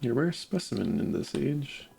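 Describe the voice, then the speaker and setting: A man reading the lines of a gentle, cooing, motherly female creature queen in a game. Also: medium pitch, big pitch swings, normal speed, creaky, faint music behind.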